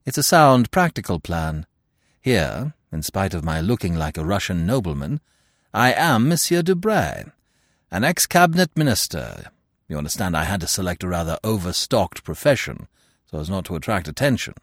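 A man voicing a suave, teasing young gentleman thief who talks in a playful, mock-affectionate way. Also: low-pitched, sing-song, normal speed, no echo, clean studio sound, pitched below the performer's own voice, heavily acted. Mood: chatty.

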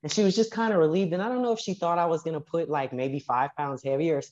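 A woman coach tells her stories with lots of energy, slipping into the voices of the people she talks about. Her voice sits very low, and the recording sounds a little dull and muffled. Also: quick pace. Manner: animated, acts out quoted dialogue. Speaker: powerlifting coach and guest. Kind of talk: casual storytelling interview.

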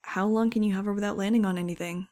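A woman voicing a calm, easygoing male navy captain who speaks in a matter-of-fact way. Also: mid-range voice, quick pace, natural voice.

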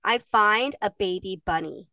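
A woman's voice: medium pitch, a little slow, pushed and bright, no room sound, recorded from a distance. A woman in her thirties, co-hosting a podcast and telling stories in a chatty, emotional way, laughing often. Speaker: podcast co-host. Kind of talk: casual chat.

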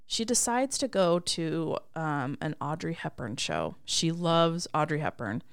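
A woman's voice: deep voice, animated, a little slow, gravelly, clear, resonant tone, no echo, clean studio sound. A woman co-hosting a casual chat, agreeing often and walking through the plot. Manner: affirming, chatty, walks through plot points. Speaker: podcast co-host. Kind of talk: casual chat about a movie.

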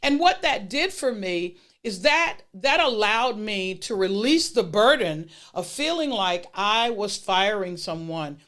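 A middle-aged woman speaks in a lively, emphatic way as she tells personal stories from her working life. Her voice sits at an ordinary middle pitch. She sounds natural and unscripted, like someone recounting her own experiences. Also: a little slow, few pauses. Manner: emphatic, lively retelling with acted-out dialogue. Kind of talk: personal storytelling talk.

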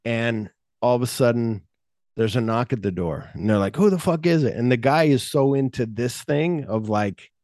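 A man hosting a podcast, retelling a film script in a rambling, animated way and acting out bits of dialogue. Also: mid-range voice, moderate pace, no room sound, studio quality. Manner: rambling, animated plot retelling with acted-out quotes. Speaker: podcast host. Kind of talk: casual podcast chat.

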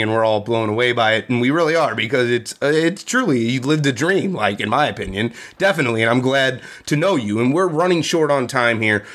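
A man hosting a casual talk, speaking earnestly and openly admiring his guest. His voice sits at a middle pitch. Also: a bit bright. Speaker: host. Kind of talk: casual interview.

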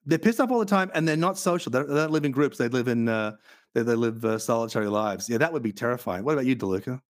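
A man's voice: mid-range voice, lively intonation, fast talker, dry recording, studio quality. A man hosting a podcast, telling vivid anecdotes in casual chat with some swearing. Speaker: podcast host.

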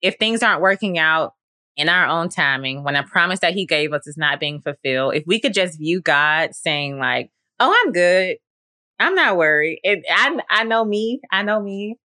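A woman hosts a faith podcast in an earnest, conversational manner, sprinkling her talk with fillers. Her voice sits low and sounds forceful. The recording is dry and close. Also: normal speed, dry recording. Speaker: podcast host.

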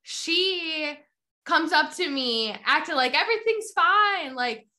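A woman's voice: high voice, expressive, slow pace, bright, forceful tone. A woman telling a story in casual chat, emphatic and heated as she stresses how upset she was.

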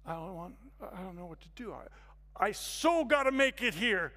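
A man giving a guest sermon as a story, acting out the scenes with sudden loud, excited bursts. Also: sits high, moderate pace, long reverb tail. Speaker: guest speaker.

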